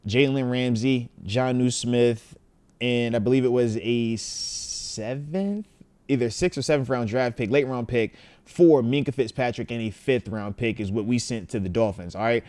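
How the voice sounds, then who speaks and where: A retired linebacker breaks down a football trade for his viewers in a loose, animated way, calling out to the audience as he goes. His voice sits dark and mellow. The sound is close and dry, with no room behind it. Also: medium pitch, moderate pace, clear, resonant tone, dry recording. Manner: animated, hype, addresses viewers directly. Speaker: retired linebacker and sports commentator. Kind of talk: casual sports talk to camera.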